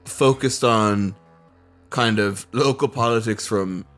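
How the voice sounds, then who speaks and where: Over soft background music, an Irish man co-hosts a podcast in a lowish, fairly bright voice, taking it slowly. His casual chat is rambling and hesitant, full of quotes from other people.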